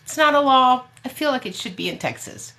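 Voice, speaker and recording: A woman's voice: sits high, expressive, a little fast, pushed and bright. A woman special education advocate giving blunt, emphatic advice with sassy asides on a live question-and-answer show.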